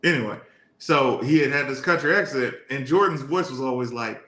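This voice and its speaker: A man from Detroit, his mid-range voice brisk and a bit bright, co-hosts a casual live-streamed podcast in an echoey room. He's easygoing and rambles as he tells stories.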